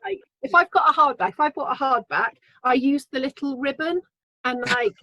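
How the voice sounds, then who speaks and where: A woman's voice: high-pitched, a little fast, pushed and bright, a little hiss or hum, rough recording. A woman, a crime writer, chatting earnestly on an online panel with lots of "like". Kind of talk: casual online panel chat. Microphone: video call.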